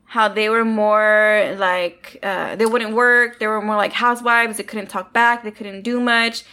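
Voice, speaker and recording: A woman in casual chat about a movie, animated, swearing freely and acting out lines from it. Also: mid-range voice, unhurried. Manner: animated, swears, acts out quotes.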